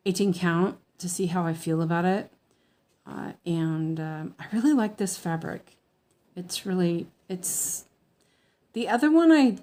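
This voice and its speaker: Female crafter on a casual livestream; unhurried, meandering delivery with slight lisp. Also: fairly low pitch, dark tone. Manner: rambling, many fillers and restarts. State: slightly lispy from medicine. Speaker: cross-stitch livestreamer. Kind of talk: casual livestream chat while stitching.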